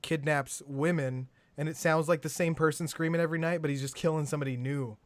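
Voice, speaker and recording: Man, podcast host, higher voice, dry recording, crude banter, laughs a lot. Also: steady tone, quick pace, no room sound. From Southern California. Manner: crude, laughing, reads listener questions. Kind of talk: casual comedy podcast chat.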